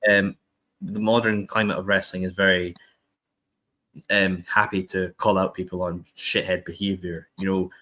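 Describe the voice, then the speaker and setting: A man's voice: deep voice, level tone, moderate pace, bright, forceful tone. A man hosting a podcast interview, blunt and emphatic, swearing freely. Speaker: podcast host.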